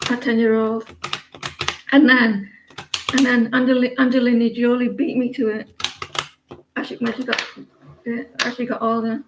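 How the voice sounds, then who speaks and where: A woman's voice: on the high side, echoey room, noisy background. An Irish woman in her forties giving a chatty, rambling live tarot reading, with many restarts. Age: 40s. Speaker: tarot reader.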